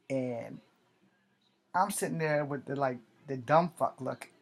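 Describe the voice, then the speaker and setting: A man in his forties tells a story from his own life in a loose, unscripted way. He swears freely, restarts his sentences and corrects himself as he goes. His voice sits at an ordinary middle pitch for a man. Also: fairly even intonation, moderate pace. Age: 40s. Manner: rambling, profane, often corrects himself. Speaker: army veteran vlogger. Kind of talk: casual personal storytelling.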